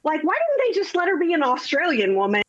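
A woman's voice: sits high, wildly swooping pitch, quick pace, no echo. Woman gabbing in a casual group chat, blunt, says like a lot, muffled lo-fi call sound. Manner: chatty, lots of fillers, blunt, swears. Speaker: podcast panelist.

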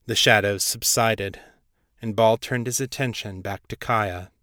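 A man narrates a fantasy story at an even, measured pace. His voice sits low and close, with a dry sound and no room. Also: dry recording. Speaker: podcast host and narrator. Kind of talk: reading a fantasy story aloud.

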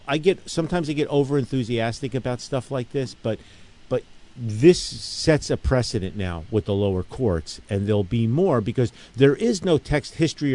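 Middle-aged guy hosting a radio talk show, emphatic and rambly, keeps asking okay?, ordinary mid pitch. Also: mellow. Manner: rambling storyteller with frequent restarts. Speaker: radio show host and gun range owner.

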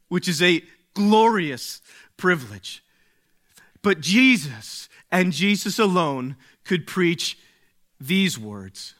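A man delivers a sermon at a very slow, deliberate pace. His bright, somewhat high voice swells with emphasis, then drops back low between long pauses. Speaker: pastor.

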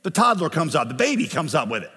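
A man's voice: on the high side, big pitch swings, fast, sharp tone, breathy edge, long reverb tail. A man preaching a sermon as pastor, earnest and building in passion on key phrases. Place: church sanctuary.

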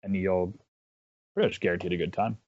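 A man with a fairly low voice, talking as an interview guest in an easy, rambling way with plenty of false starts. The sound is dry and close, with a dull, lo-fi quality like an online call. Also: steady tone, darkish tone, no echo. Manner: rambling, halting, with many restarts. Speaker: interview guest, esports caster. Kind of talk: casual chat.

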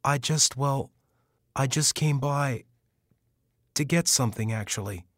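A worn-down middle-aged man who stumbles over his words, voiced by a male narrator. His voice is lifted a little above the narrator's low register. The sound is dry and close. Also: a bit bright, no echo, lightly acted. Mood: defeated. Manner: halting, mumbling.

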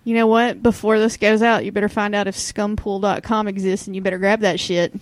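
A woman's voice: mid-range voice, level tone, a little fast, no room sound. A middle-aged woman co-hosting a podcast in casual chat, telling stories and laughing often. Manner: chatty storyteller, laughs often. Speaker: podcast co-host.

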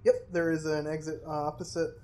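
A young man running a tabletop role-playing game, describing rooms and monsters in a loose, casual way. He laughs often, and his voice sits slightly high. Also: level tone, fast talker, warm tone. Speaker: game master.

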